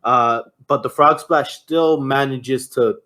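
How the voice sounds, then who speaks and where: This is a young man talking on a podcast in a loose, unscripted way. He narrates action move by move, stumbling over fillers and dropping curse words. His voice sits at an ordinary middle pitch. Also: slow pace, sharp tone. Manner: rambling play-by-play with frequent fillers and cursing. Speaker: podcast co-host. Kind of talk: casual chat recapping a wrestling match.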